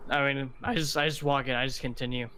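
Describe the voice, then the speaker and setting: A man's voice: medium pitch, steady tone, quick pace, sharp tone, a little hiss or hum. A man playing a tabletop game in a casual, offhand way. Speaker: player.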